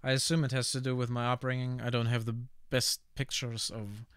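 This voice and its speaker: A man with a Russian accent, a native Russian speaker, chatting casually while he draws on a live art stream. He pauses often to search for the right word, reflective and relaxed. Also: mid-range voice, clean tone, no room sound, clean studio sound. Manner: halting, often stops to search for words; relaxed, reflective, laughs easily.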